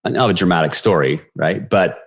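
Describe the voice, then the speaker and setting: A man's voice: deep voice, a little fast, husky. A man in his forties, a podcast guest, retelling a sports story with energy and quoted voices. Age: 40s. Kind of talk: storytelling interview.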